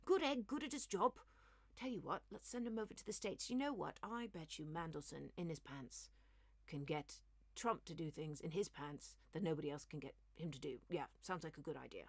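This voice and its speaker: A woman's voice: low voice, a little fast, husky, no room sound, pitched below the performer's own voice. A woman putting on a posh smug clubman. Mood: smug gossip. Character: posh old male establishment clubman, smug.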